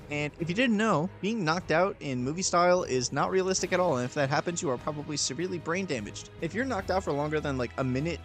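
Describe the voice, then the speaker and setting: A young man narrates gameplay commentary over a close mic in a slightly high voice. He is sarcastic and deadpan, and soft game music plays underneath him. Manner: sarcastic, deadpan, talks in fake medical bills.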